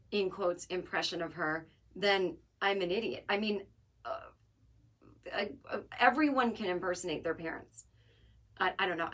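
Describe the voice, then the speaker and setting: A woman's voice: medium pitch, a bit bright. A woman hosting her podcast alone, talking casually in a wry, joking, rambling way. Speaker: podcast host. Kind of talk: casual solo monologue.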